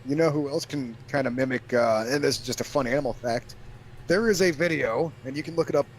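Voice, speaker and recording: A man chatting on a casual livestream, deadpan and fond of offbeat facts. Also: mid-range voice, a little fast, slight background noise. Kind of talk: casual chat.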